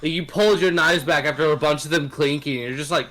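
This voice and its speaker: A man narrating a tabletop game as game master, animated and casual, laughing often. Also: fairly high pitch, fast talker.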